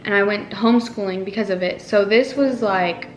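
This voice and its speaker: A woman's voice: medium pitch, normal speed, slight background noise. A young woman telling a personal story to the camera in a casual, emotional way, full of "like"s and restarts. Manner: emotional, rambling retelling with many "like"s. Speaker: family vlogger. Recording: echoey room with faint music.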